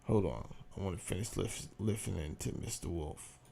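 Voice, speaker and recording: A man's voice: low voice, normal speed, vocal fry, dark tone, a little hiss or hum. A man hosting his own show, giving blunt, profane, emphatic commentary in a casual rant. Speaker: show host commenting on a clip.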